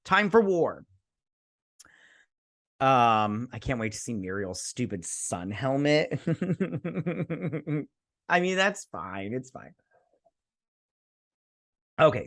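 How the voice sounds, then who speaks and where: A man's voice: medium pitch, lively intonation, slow, long pauses, fairly bright tone, no room sound, studio quality. Rambling, sarcastic male reviewer. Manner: rambling, sarcastic, acts out characters. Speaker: show host reviewing a TV episode. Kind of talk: casual review.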